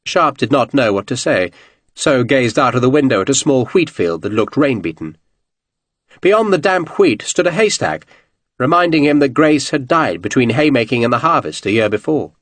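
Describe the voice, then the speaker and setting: Expressive male audiobook narrator, dry sound. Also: medium pitch, moderate pace, no echo. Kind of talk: scripted narration.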